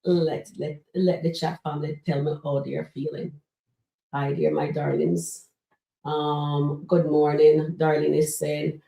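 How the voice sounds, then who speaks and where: A deep, gravelly, dark-toned woman's voice with flat delivery and a measured pace, with few pauses. She hosts a live stream reviewing comedy skits, chatting casually, calling viewers "guys" and using frequent fillers. She's far from the mic in a room with roomy echo.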